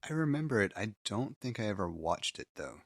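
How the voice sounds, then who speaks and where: A man's voice: lowish voice, big pitch swings, a little fast, no echo, clean studio sound. A man co-hosting a casual podcast, answering in short, easygoing and hesitant replies. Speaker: podcast co-host.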